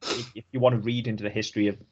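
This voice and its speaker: A man's voice: on the low side, little pitch movement, very fast, breathy edge. A Welsh man co-hosting a podcast, talking frankly with a lot of swearing and easy laughter. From Wales. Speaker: podcast co-host. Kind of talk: casual podcast chat. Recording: slightly dull lo-fi audio.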